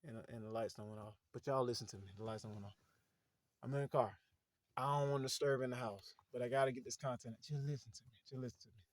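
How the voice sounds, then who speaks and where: A man's voice: mid-range voice, fairly even intonation, fast talker, dry recording. Man talking from his car. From Fort Pierce, Florida. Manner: preachy, conversational, addresses viewers as y'all. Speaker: motivational vlogger. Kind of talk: casual motivational talk. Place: inside a parked car at night.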